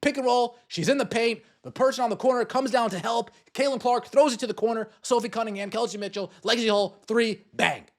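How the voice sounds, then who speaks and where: A man's voice: extremely high pitch, fairly quick, few pauses. A man hosting a podcast, delivering an angry sports rant, swearing and repeating himself. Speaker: podcast host.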